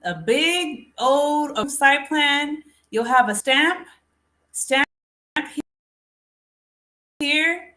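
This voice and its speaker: A woman's voice: sits high, very slow, long pauses, pushed and bright. A woman hosting a casual live stream, talking straight to her viewers and calling them folks. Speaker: livestream host.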